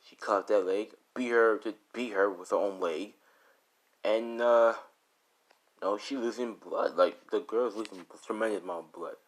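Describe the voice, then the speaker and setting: A man's voice: fairly low pitch, normal speed. A man telling a made-up story off the cuff, rambling and correcting himself as he goes. His speech is casual and loose, stitched together with fillers and restarts.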